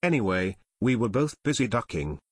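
A man's voice: on the low side, sing-song, normal speed, slightly rough, no echo. A man voicing a wry young detective.

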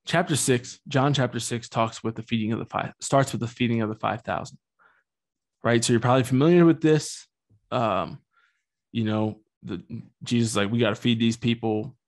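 Young male host, mid-pitched, slangy and jokey, casual Bible-study podcast talk. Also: normal speed. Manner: slangy, joking, loose and chatty.

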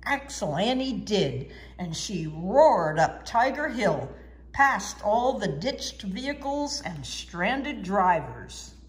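A woman reading a children's storybook aloud in an expressive, sing-song way. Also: medium pitch, takes it slowly. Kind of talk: children's book read-aloud.

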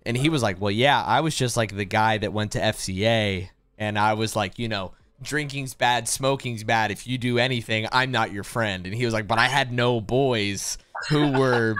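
A man's voice: mid-range voice, smooth, no echo. A young man in casual chat, telling a story with lots of acted-out quotes. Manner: animated storyteller, acts out quoted people. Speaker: podcast co-host. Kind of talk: casual storytelling among friends.

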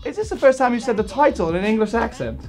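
A man's voice: extremely high pitch, sing-song, fast, faint music behind. A man hosting a radio interview, enthusiastic and full of hype. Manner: enthusiastic, hyping. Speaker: radio host.

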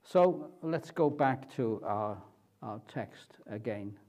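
A man preaching a sermon at a church, asking and answering questions slowly and deliberately. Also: on the low side, a little mellow.

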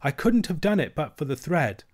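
A man's voice: on the high side, big pitch swings, moderate pace, a little mellow, voice pushed up. A man reading aloud and voicing a young princess girl who is earnest and insistent, speaking with a raised, eager voice. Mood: pleading.

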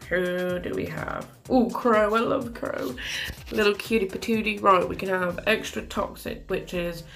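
A woman's voice: mid-range voice, fairly even intonation, unhurried, creaky, a bit bright, soft background music. A woman giving chatty, exasperated commentary over a game she is playing, with plenty of mild swearing. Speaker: gaming commentator. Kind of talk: live gameplay commentary.

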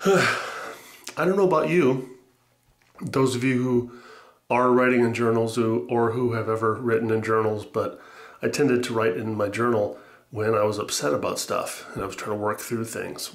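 A man rambles to his camera from a room upstairs at home, thinking aloud with wry asides. He is a little out of breath and stops often on fillers. His voice sits at a middle pitch and carries a roomy echo. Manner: musing, wry, halting with fillers. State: slightly out of breath. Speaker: vlogger. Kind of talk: rambling casual vlog. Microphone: camera mic.

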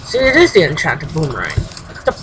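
A young man giving casual let's-play commentary, excitable and swearing often, jumping into high exclamations. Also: a little fast, slight background noise, poor audio. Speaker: gameplay commentator.

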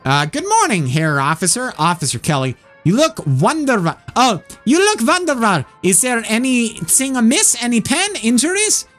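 A man's voice: extremely high pitch, sing-song, normal speed, hardly any pauses, a bit bright, soft background music, voice pushed up, exaggerated voice. A man voicing a fawning old male druggist with a put-on German accent. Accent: attempted German accent. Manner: fawning, overly polite.

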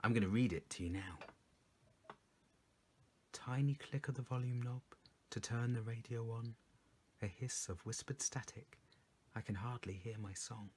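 A man reading his poems aloud for children, coaching listeners to join in and swinging from loud calls to soft whispers. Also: medium pitch, normal speed, long pauses, slight background noise. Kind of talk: performance poetry reading for children.

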